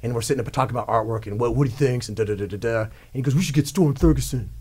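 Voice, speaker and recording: A man, a rock singer, telling stories as a guest in a radio studio, rambling and excitable as he acts out what others said. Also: mid-range voice, racing. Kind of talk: casual storytelling interview.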